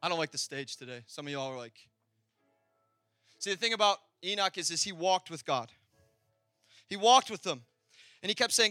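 High bright-voiced preaching man. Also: animated, moderate pace, pauses often, no room sound, clean studio sound, faint music behind. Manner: passionate, swings between loud and quiet. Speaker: pastor. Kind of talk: sermon. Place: church hall.

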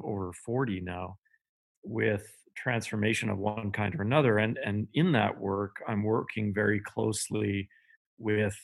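A Canadian man with a Canadian accent, a podcast guest speaking in a measured, thoughtful way with frequent fillers. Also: mid-range voice, creaky, husky. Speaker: podcast guest, company CEO. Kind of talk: podcast interview.

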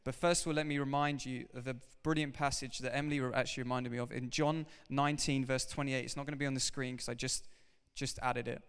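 A man preaching a sermon to his congregation, animated and emphatic, talking straight to the people in front of him. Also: mid-range voice, quick pace, few pauses, clear, resonant tone. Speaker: pastor. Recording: reverberant hall.

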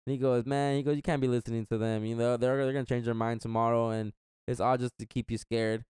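A young man rambles through a story in a casual chat, slipping in slang and acting out each back-and-forth. His voice sounds smooth and clear at a middle pitch. The sound is close and dry. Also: level tone, quick pace, darkish tone, dry recording. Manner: rambling, slangy, acts out quotes.

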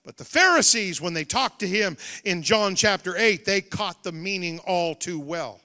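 Male revival pastor, high voice, loud call-and-response preaching in a reverberant sanctuary. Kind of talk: revival sermon. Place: church sanctuary. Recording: reverberant church hall.

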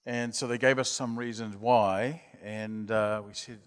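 A man's voice: fairly low pitch, steady tone, unhurried, few pauses, smooth. A man preaching as a youth mission leader, telling an anecdote in a chatty way and acting out voices. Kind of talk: storytelling sermon. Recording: long hall reverb.

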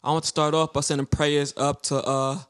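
Animated higher-voiced young man chatting. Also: fairly quick, smooth. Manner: animated, joking, slangy. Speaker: podcast co-host. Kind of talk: casual chat.

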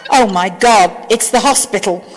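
A woman voicing a kind, earnest male scientist who travels in time, speaking gently, with a roomy echo. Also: mid-range voice, normal speed, a little hiss or hum, natural voice. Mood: alarmed.

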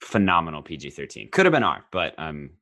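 A man talking casually about a movie, enthusiastic and jokey, with quick bursts of excitement. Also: rumbling low, gravelly, no echo. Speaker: co-host discussing a film. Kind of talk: casual film discussion.

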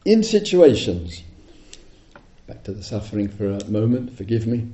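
A middle-aged man giving a dharma talk as a meditation teacher, telling stories in an animated way and chuckling often. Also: fairly low pitch, moderate pace. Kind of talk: dharma talk to retreat audience. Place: retreat hall. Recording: roomy, slightly dull hall recording.

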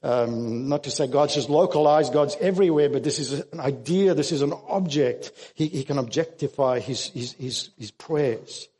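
A man's voice: fairly high pitch, moderate pace, hardly any pauses, mellow, big-room sound. A man preaching a sermon as pastor, earnest and emphatic, often restarting his words.

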